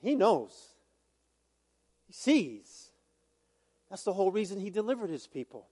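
Pastor, male, very high voice, loose conversational sermon with jokes; big echoing church hall. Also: sing-song, a little slow, dark tone, breathy edge. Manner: conversational preaching with asides and humor. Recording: long hall reverb.

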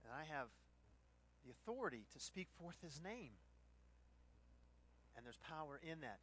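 Man, middle-aged, pastor, sermon, animated storytelling, high-pitched, bright tone. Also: normal speed, pauses often, dry recording. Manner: animated storytelling with put-on voices and laughter.

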